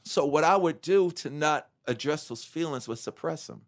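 A middle-aged man, a rapper as interview guest, telling his story candidly with profanity, restarts and acted-out quotes of other people. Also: a little high. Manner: animated, profane, acts out quoted dialogue; halting restarts and self-corrections.

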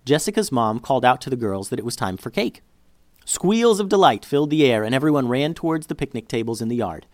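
Man, storyteller, children's story reading, lively pitch, dry sound. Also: fast talker, dry recording. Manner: expressive.

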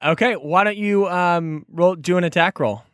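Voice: medium pitch, normal speed, no echo, clean studio sound. A game master narrating a tabletop game in a playful manner, often laughing.

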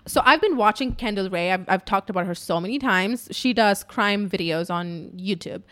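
A woman's voice: medium pitch, moderate pace, a bit bright. A young adult woman hosting a podcast, telling a story in a casual monologue, swearing often and filling her talk with "like". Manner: chatty, swears often, fills with "like". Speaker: podcast host.

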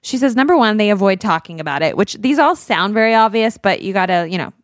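A woman's voice: mid-range voice, lively intonation, fast, no echo, clean studio sound. A young woman co-hosting a podcast, chatting casually and reading out articles in a blunt, teasing way with lots of fillers. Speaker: podcast co-host.

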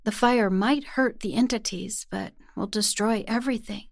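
A woman narrating a first-person horror story in a tense, hushed way. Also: medium pitch, normal speed, gravelly, no room sound, clean studio sound. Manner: tense, hushed storytelling that rises to anguished cries.

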